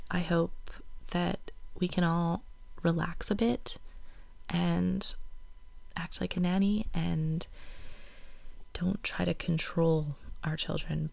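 Low gravelly-voiced woman. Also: no echo. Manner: reflective, gets emotional and laughs it off. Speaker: parenting podcast host. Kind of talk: casual solo talk.

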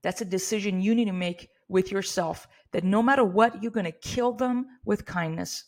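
A middle-aged woman speaks as a business owner coaching her employees. Her delivery is earnest and steady, the tone of someone who has handled hundreds of hard calls. She lightly acts out polite customer-service phrases to show how it's done. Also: medium pitch, moderate pace. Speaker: business owner training staff. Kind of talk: workplace training talk.

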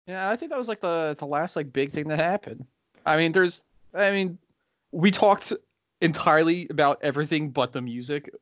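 A man on a podcast who answers dryly and keeps nudging the conversation along. His voice sits slightly high. The sound is close and dry. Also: lively intonation, moderate pace, a bit bright, no room sound. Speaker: podcast co-host. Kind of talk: casual podcast chat.

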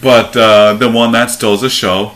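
A man's voice: lowish voice, a little slow. A man chatting casually about a movie, acting out scenes in different voices. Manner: animated, acts out scenes in voices. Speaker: movie reviewer.

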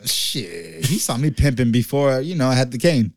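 A man's voice: mid-range voice, big pitch swings, normal speed, no echo, studio quality. A young man, talking crude topics in a laid-back slangy way as a podcast co-host. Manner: laid-back, slangy, says "eh" and "you know". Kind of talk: crude casual banter.

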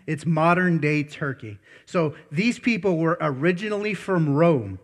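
A man preaching a sermon in an animated, blunt way, asking the congregation questions. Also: fairly high pitch, unhurried. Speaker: pastor.

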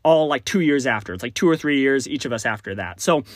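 A man's voice: medium pitch, expressive, fast, no echo, studio quality. Rambling friendly man hosting a podcast. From Texas. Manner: rambling, friendly, self-deprecating with frequent laughs. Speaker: podcast host. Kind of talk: casual solo podcast monologue.

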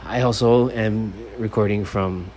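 In his Miami apartment, a podcast host rants alone about sports in a fairly low voice, with a faint hiss of room noise underneath. He's profane and animated, drifting from near-muttered passages into loud, heated tirades.

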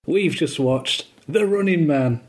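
A man's voice: on the high side, slow, over loud music. Chatty man laughing through a review. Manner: chatty, laughs often while talking. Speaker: podcast co-host. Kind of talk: casual film review chat.

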